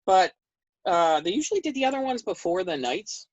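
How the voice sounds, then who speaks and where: A woman guest in an interview, telling a story in a conversational way and acting out the quoted dialogue with big jumps in pitch. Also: big pitch swings, moderate pace, no room sound, highs cut off. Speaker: interview guest recounting history.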